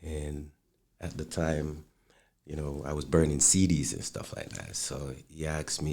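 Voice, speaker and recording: A man from Jamaica with a Jamaican accent, a designer being interviewed, telling stories at an easy pace with filler pauses. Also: a bass voice, fairly even intonation, vocal fry, a little mellow, husky. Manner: easygoing storyteller, pauses with fillers. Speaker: guest, clothing designer. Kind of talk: interview talk.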